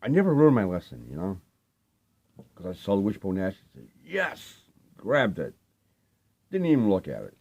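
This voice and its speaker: This vinyl collecting vlogger is an older man whose low-pitched, mellow voice swoops wildly in pitch. He talks at normal speed with long pauses, loosely rambling through a show-and-tell of his record finds, full of fillers.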